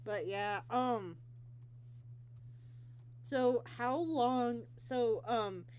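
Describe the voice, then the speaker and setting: Halting slow-talking woman host. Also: on the high side, a little mellow. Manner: halting, many ums and restarts. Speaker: interview host. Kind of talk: casual online interview.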